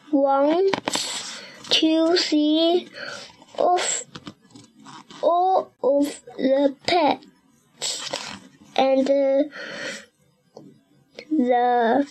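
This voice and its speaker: A little girl reads a picture book aloud, word by word at a very slow pace. Her voice sits very high, and she drops a little lower for the dog's barks. A faint hiss runs under the recording. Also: poor audio. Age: child. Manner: slow careful reading with a few restarts. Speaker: young reader.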